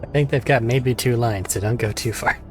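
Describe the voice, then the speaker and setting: A man's voice: mid-range voice, fairly quick, soft background music. A man acting as game master, narrating a tabletop game and speaking formally as the ship's officer.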